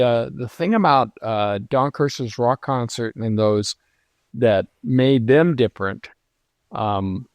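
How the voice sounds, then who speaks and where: An older man recalls his career in an unhurried, reflective way, full of ums and restarts. His voice sits at an ordinary pitch. The sound is dry and close. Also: darkish tone, dry recording. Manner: reflective storytelling, many fillers. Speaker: guest, lighting designer. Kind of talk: casual interview conversation.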